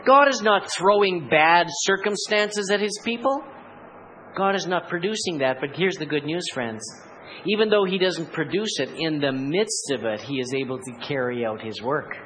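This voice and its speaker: A man preaching a sermon in a high-pitched voice, firing off rhetorical questions and slipping into dramatic voiced asides to make his point. A faint hiss of noise sits behind him. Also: animated, moderate pace, a bit bright, rough recording. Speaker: pastor.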